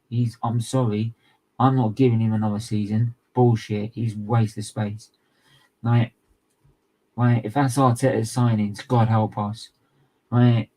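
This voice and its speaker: Slow, furious sweary Englishman ranting. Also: lowish voice, flat delivery, dark tone, poor audio. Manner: furious, sweary, emphatic and repetitive. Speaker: football fan channel co-host. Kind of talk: angry match reaction rant.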